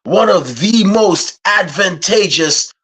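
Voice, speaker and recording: A man's voice: high voice, animated, slow, fairly bright tone, slightly rough. A man hosting a wrestling podcast, opening with a rhyming hype intro and then chatting casually and telling stories. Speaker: podcast host.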